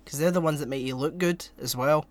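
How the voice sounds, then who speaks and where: A man chatting on a podcast in a voice pitched a little above most men's. He cracks self-deprecating jokes and swears casually, and his throat is sore and prone to coughing fits. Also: brisk. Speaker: podcast co-host. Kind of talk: casual chat.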